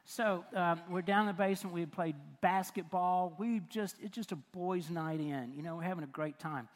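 An older male pastor tells a sermon story with wry, lively humor. His voice sits high for a man. It rings out with the long reverb of a large sanctuary. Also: normal speed. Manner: animated, self-mocking storytelling with chuckles.

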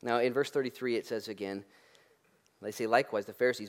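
A man preaching a sermon as pastor, lively and joking, acting out the voices of the people in the story. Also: mid-range voice, brisk.

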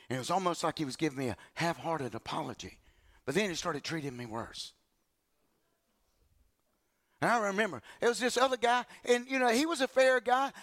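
A man preaching a sermon in a church, animated, repeating words and acting out the people in his story. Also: high-pitched. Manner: animated, repeats words, acts out quotes in voices.

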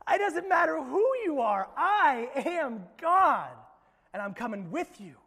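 A man voicing a booming, commanding God as he preaches, loud and emphatic. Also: normal speed, in a large hall. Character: booming all-powerful God, male, commanding.

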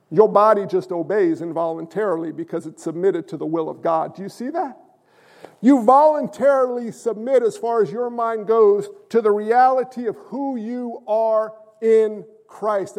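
A man preaching a sermon to his congregation, asking rhetorical questions, swinging between quiet asides and shouted emphasis, and sounding winded. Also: sits high. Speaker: pastor. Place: church sanctuary.

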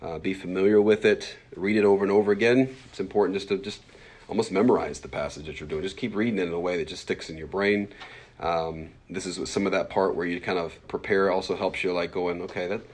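A man in his mid-forties with a very low voice, teaching a Bible class. He talks quickly and loosely, with plenty of fillers, and keeps breaking into little acted-out voices to make his points. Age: 40s. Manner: fast-talking, animated, lots of fillers and acted-out asides.

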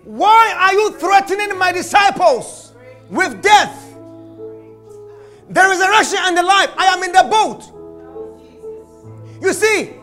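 A man's voice: extremely high pitch, sharp tone, voice pushed up, exaggerated voice. A male preacher voicing a commanding savior who rebukes a storm in a sermon, speaking firmly and declaiming.

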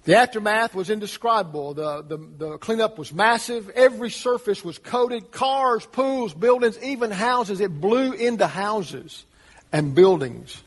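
A man's voice: high voice, a little slow. A man preaching a sermon as pastor, earnest, asking the congregation rhetorical questions. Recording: long reverb of a large hall.

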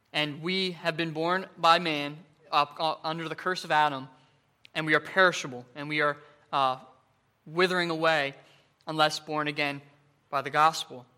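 A man preaching a sermon, earnest, with frequent fillers and restarts, slowing down and lifting his voice to stress the scripture he reads. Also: a little high, fairly even intonation, pushed and bright, clean tone.

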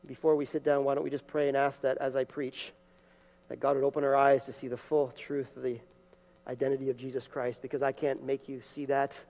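A man's voice: medium pitch, little pitch movement, brisk. A man preaching a sermon in a church, reading scripture, praying, and teaching with emphatic rises. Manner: emphatic, building to loud peaks. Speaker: pastor. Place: church sanctuary. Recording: long hall reverb.

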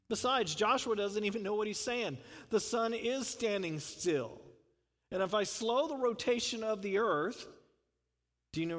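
A man's voice: high-pitched, fairly bright tone, big-room sound. A man preaching a conversational sermon, full of asides and rhetorical questions. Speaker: pastor.

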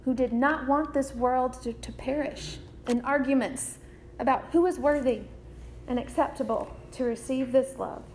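A woman preacher delivering a sermon in a measured, deliberate way, repeating key phrases. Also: sits high, steady tone, a little mellow, a little hiss or hum.

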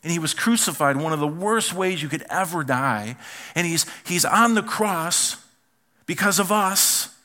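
Male pastor, bright and somewhat high voice, lively sermon delivery with sudden soft asides. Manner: animated preaching, acts out quoted voices, drops to quiet asides.

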